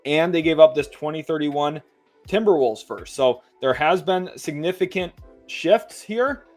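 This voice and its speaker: A man giving casual basketball commentary on a stream, talking loosely with fillers and slowing down as he reads lists aloud. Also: on the high side, animated, darkish tone, soft background music. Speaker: sports commentator.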